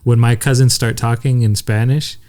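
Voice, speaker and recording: A young man chatting easily on a podcast, spinning a travel story. He slips into other people's voices as he quotes them. His voice sits at an ordinary middle pitch. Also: steady tone, normal speed, warm tone. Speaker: podcast co-host. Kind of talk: casual chat.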